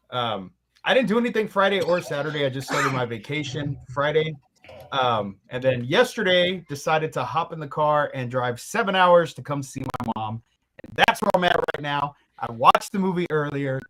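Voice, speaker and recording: Male podcast co-host, slightly higher voice, deadpan anecdotal delivery with casual profanity. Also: normal speed, slight background noise. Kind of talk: casual storytelling.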